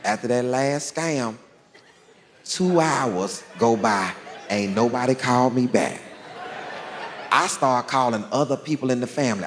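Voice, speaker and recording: A man telling a long story on stage as a stand-up comedian, drawling and animated, with deadpan punchlines. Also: mid-range voice, unhurried, pauses often, background noise. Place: large theater stage. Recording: long hall reverb, faint crowd ambience.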